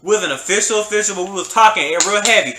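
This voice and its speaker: A young man vlogging a storytime, talking in an animated, slangy and emphatic way. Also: high-pitched, quick pace, echoey room, background noise. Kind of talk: storytime vlog.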